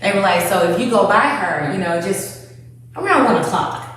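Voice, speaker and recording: A woman's voice: mid-range voice, normal speed, slight background noise. A woman hosting a casual talk, telling a story bluntly and acting out the people in it. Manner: blunt, animated storyteller with quoted voices. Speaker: host. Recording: echoey room, far from mic.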